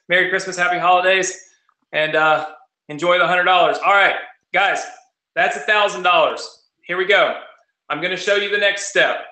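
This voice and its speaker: Fast-talking man in a roomy echo. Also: fairly high pitch, pushed and bright. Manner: fast, rapid-fire like an auctioneer. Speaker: host of a live cash giveaway. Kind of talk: live-streamed webinar talk.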